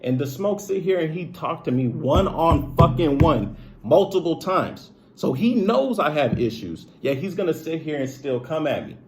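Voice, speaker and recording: A man's voice: a little high, very animated, normal speed, faint music behind. A man retelling a painful personal story in a casual, emotional, profane way, full of "like" and "bro". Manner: emotional, profane, filler-heavy, says "bro" often.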